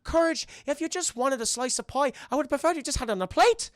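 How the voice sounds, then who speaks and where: A man doing a sweet, gentle old cartoon farm wife. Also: extremely high pitch, lively intonation, quick pace, dry recording, studio quality, pitched above the performer's own voice. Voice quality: soft, sweet, patient.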